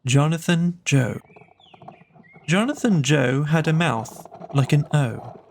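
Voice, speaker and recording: Slow gravelly man reading poems. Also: fairly high pitch, darkish tone, slight background noise. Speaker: storyteller. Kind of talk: reading children's poems aloud.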